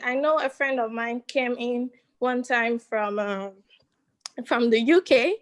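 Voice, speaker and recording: Woman, high voice, unhurried, hesitant, panel question. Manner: hesitant, searching for words. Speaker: audience member asking a question.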